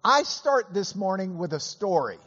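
Casting note: hoarse, husky male teacher, slightly high voice, chatty anecdotal delivery, dull lo-fi hall sound. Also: big pitch swings, moderate pace, a bit bright. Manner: chatty anecdotal storyteller with many fillers. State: hoarse from illness. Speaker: Bible class teacher. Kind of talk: storytelling lesson.

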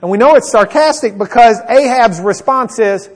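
A man preaching a sermon, retelling a Bible story in a lively way and acting out the characters' lines. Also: very high-pitched, moderate pace.

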